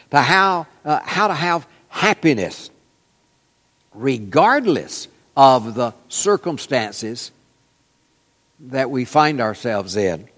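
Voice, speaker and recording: A man's voice: a little high, a bit bright. A man preaching a sermon, telling folksy stories with frequent fillers. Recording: long reverb in a large hall.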